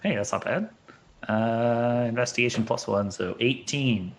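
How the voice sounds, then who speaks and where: A man's voice: medium pitch, unhurried. A man playing a tabletop game, casual and wry. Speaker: player.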